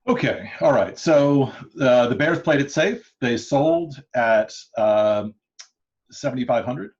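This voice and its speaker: A medium-pitched history lecturer speaks slowly in a darkish tone on a dull, lo-fi recording. During his interactive lecture he talks loosely, restarting sentences and using many fillers, with frequent chuckles.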